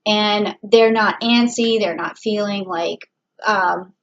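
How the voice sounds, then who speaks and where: A woman's voice: mid-range voice, slow. A woman giving a casual tarot reading, talking in a chatty, rambling way with many fillers and restarts. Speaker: tarot reader. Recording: dull lo-fi audio.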